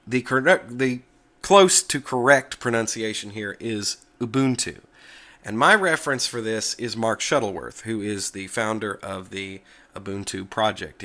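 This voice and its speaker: A man hosting a casual tech talk video from the United States, relaxed and chatty, sometimes correcting himself as he goes. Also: fairly low pitch.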